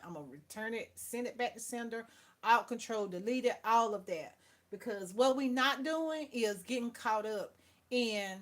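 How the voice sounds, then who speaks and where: An older woman, rambling through a casual spiritual talk and calling the listener "baby" as she preaches. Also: fairly high pitch. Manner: rambling, swings from soft to loud. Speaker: spiritual channel host.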